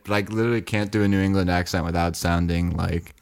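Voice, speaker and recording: A man's voice: sits low, steady tone, quick pace, clear, resonant tone. A man chatting casually as a podcast co-host, joking and self-deprecating. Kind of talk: casual chat.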